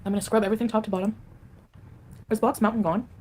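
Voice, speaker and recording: A woman's voice: on the high side, steady tone, fast talker, darkish tone, slight background noise. A woman livestreaming in a casual, rambling way, reading viewer comments aloud and answering them.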